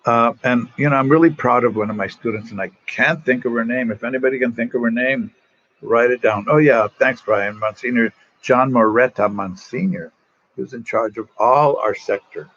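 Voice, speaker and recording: A man's voice: mid-range voice, moderate pace, lo-fi sound. An older man, a priest, telling rambling personal stories to an online audience in a casual way, often restarting his sentences. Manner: rambling, warm anecdotes with frequent restarts.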